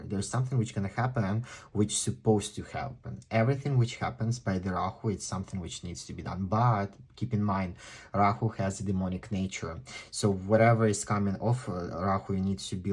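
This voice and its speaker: Husky, excitable tarot-reading man. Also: lowish voice. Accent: non-native English speaker. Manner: chatty, excitable, exclaims often. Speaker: tarot reader. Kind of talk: pick-a-card tarot reading.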